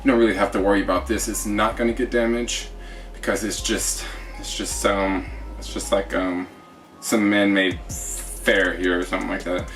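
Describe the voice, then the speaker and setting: Faint music plays behind a male travel vlogger whose fairly low, slightly bright voice comes across flat at a moderate pace. Rambling and chatty with plenty of fillers, he shows his camera setup into a GoPro with a shotgun mic that sits far from him.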